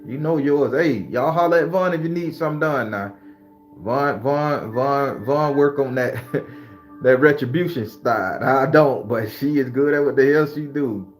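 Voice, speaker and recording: Man, live-stream host, casual chat, animated, swears, laughs often, faint background music. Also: medium pitch, moderate pace. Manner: preachy pep talk. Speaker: tarot reader and spell worker hosting a live stream.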